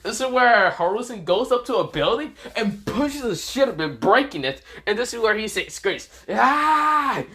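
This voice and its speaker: Rambling bright-voiced male storyteller. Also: sits high, expressive, normal speed, hardly any pauses. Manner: rambling, many fillers and slips. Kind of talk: improvised fan-fiction narration.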